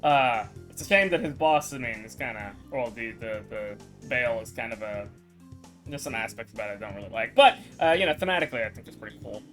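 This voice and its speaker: A woman's voice: very deep voice, lively intonation, a little fast, faint music behind. A woman streamer in casual chat with her viewers, swearing, rambling and laughing often.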